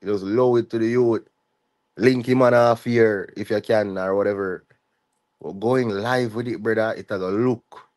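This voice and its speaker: A man's voice: on the low side, steady tone, normal speed, darkish tone. A man vlogger speaking with a Jamaican patois accent, ranting heatedly and often tagging his lines with "you see me" and "dog". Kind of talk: ranting vlog commentary.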